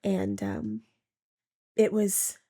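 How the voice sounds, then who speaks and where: A woman giving a personal faith testimony, halting and emotional, often repeating words and acting out what she said at the time. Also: medium pitch, big pitch swings, vocal fry, dark tone. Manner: acts out her own past words. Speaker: testimony speaker.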